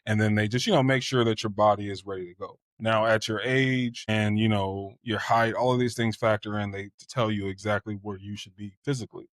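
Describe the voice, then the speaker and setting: A man's voice: fairly low pitch, steady tone, fairly quick, hardly any pauses, dry recording, studio quality. A man in his twenties telling a personal story candidly on a podcast, full of "you know" fillers. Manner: candid and reflective, with filler phrases. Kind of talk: casual storytelling.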